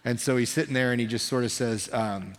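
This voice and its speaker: A man's voice: mid-range voice, brisk. Man preaching conversationally in a reverberant hall. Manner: energetic, conversational preaching with frequent restarts. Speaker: pastor. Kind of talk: sermon.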